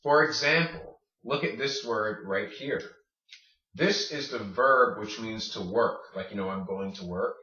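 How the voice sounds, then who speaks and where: A man's voice: on the low side, pushed and bright, echoey room. Male language teacher, patient drilling delivery, distant dull lo-fi room recording. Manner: drills words slowly, asks "okay?" often. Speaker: Spanish teacher. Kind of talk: video lesson.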